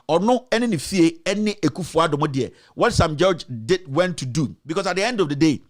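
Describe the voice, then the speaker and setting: A man with a Ghanaian accent, delivering a combative, repetitive political rant as a commentator. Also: on the high side.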